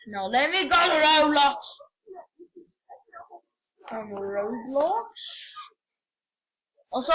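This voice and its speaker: A woman giving casual, rambling game commentary, excitable and prone to sudden yelps and shouts. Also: high-pitched, breathy edge, poor audio. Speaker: gamer.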